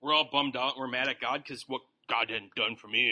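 A man's voice: mid-range voice, fairly even intonation, a little fast, sharp tone. A man leading a Bible study in a folksy, joking, conversational sermon. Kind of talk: informal sermon.

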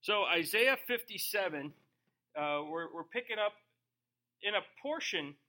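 A man's voice: sits high, expressive, measured pace, sharp tone. A male pastor teaching verse by verse in a conversational way, acting out quoted voices.

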